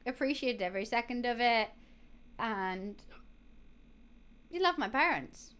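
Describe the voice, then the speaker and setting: A young woman chats loosely to her stream audience and keeps catching hiccups as she talks. Her voice sits high, and she wanders through her points with restarts and fillers. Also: expressive, unhurried, fairly bright tone. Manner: rambling, with many fillers and restarts. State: has the hiccups. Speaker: live streamer. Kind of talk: casual chat to stream viewers.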